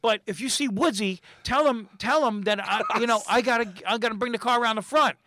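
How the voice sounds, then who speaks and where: A middle-aged man telling a comedy-club story in casual chat, animated and rambling, acting out the voices of the people in it. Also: extremely high pitch, brisk, no room sound. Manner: animated, acts out quotes and voices, rambling restarts.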